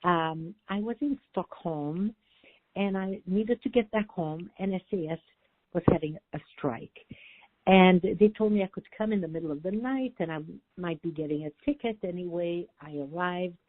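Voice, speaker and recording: Older woman, animated storyteller, husky voice, dry phone-line sound. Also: fairly low pitch, normal speed, dry recording. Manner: warm, animated storytelling, acting out quoted voices. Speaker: guest therapist. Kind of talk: storytelling in a radio interview.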